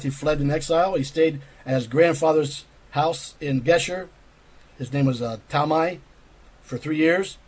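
A man's voice: on the high side, breathy edge, poor audio. A man preaching a sermon, earnestly explaining a scripture story with rhetorical asides to his listeners.

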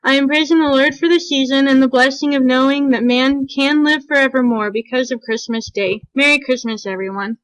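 Woman, high voice, dry close sound, sincere reflective testimony reader. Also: steady tone, fairly quick, hardly any pauses, dry recording, rough recording. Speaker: church member giving testimony. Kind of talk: read testimony.

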